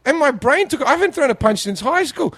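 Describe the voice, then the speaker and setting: A man's voice: very high-pitched, animated, brisk, fairly bright tone, dry recording. A middle-aged man from Australia telling rambling, laughing anecdotes in a casual chat, full of restarts. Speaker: comedian guest.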